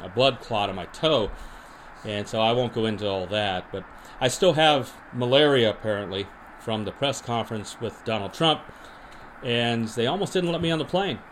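A man hosting a podcast, deadpan and rambling with many restarts, in an improvised comedy monologue and mock interview. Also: mid-range voice, moderate pace, a little hiss or hum. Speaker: podcast host.

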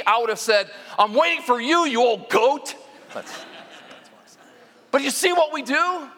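A man's voice: high voice, sharp tone, big-room sound. A man preaching as lead minister, mixing stories with direct talk to the congregation in a conversational sermon.

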